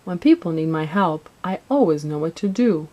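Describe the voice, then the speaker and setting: A woman voicing a helpful little boy who answers eagerly and calls out commands with excitement, in a storybook reading. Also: sits low, normal speed, dull audio.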